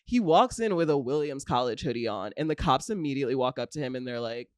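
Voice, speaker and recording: Animated woman telling a story. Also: very deep voice, fast, no room sound, studio quality. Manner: animated, acts out voices, laughs often. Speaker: podcast guest. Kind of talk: casual storytelling chat.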